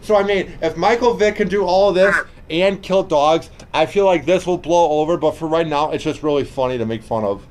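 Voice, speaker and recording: A man's voice: a little high, fairly quick, hardly any pauses. A young man hosting a college radio show, chatting casually and joking about sports. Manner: relaxed, joking, laughs easily. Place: small college radio studio.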